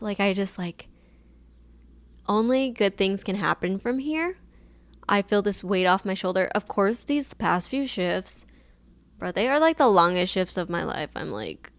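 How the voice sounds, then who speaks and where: A woman's voice: mid-range voice, normal speed, no room sound. Chatty young woman podcaster, dry sound. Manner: chatty, emotional storytelling with many fillers. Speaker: podcast host. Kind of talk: casual solo podcast monologue. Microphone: camera mic.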